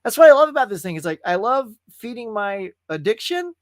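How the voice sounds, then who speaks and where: A man's voice: sits high, sing-song, a little fast, no room sound, clean studio sound. A man hosting a casual live stream, chatting loosely, laughing and reading viewer comments aloud. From California. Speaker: host.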